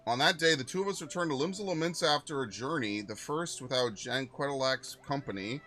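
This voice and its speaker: An earnest painting master, read aloud by a male streamer, speaking formally and seriously to a student. A bright voice with faint music underneath. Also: mid-range voice, a little fast, lightly acted.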